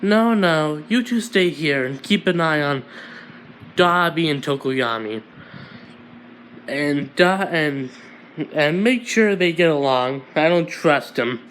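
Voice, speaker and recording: A man voicing a calm, menacing young male villain boss, making his voice deeper and speaking slowly. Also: a little hiss or hum. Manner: deepened, slow and soft-spoken.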